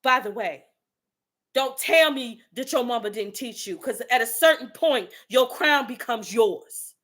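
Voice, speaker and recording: A woman's voice: fairly high pitch, expressive, a little slow, fairly bright tone. A woman host delivering an impassioned motivational rant in a fiery, preachy manner. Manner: fiery, preachy, street-talking.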